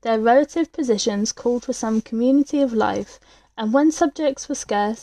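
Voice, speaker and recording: Woman narrating a dark story, mellow tone. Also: a little high, no room sound.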